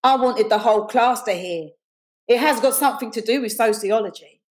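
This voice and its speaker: A woman reading aloud voices a brash, mocking teenage schoolgirl bully with slow, drawling taunts. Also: a little high, pitched above the performer's own voice, close to an everyday voice.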